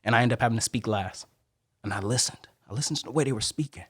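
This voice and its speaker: Husky low-voiced storyteller man. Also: rapid-fire, dry recording, studio quality. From Detroit, Michigan. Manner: animated storyteller who acts out quoted voices. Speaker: guest, Marine and motivational speaker. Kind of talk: podcast interview storytelling.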